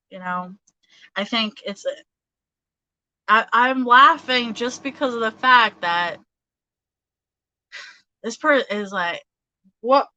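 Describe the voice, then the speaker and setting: A woman's voice: fairly high pitch, takes it slowly, pauses often, bright, forceful tone, highs cut off. A woman giving a casual tarot reading, chatty, with many fillers and frequent laughter. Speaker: tarot reader.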